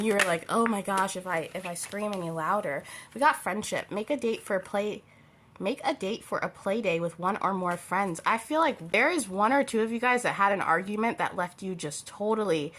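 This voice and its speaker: A woman's voice: medium pitch, a bit bright. A young woman giving a casual tarot reading to her viewers, chatty and rambling, often losing her thread and laughing. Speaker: tarot reader.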